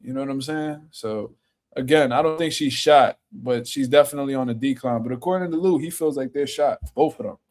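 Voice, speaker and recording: A man giving casual, slangy boxing reaction commentary, animated and quick to laugh. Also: mid-range voice.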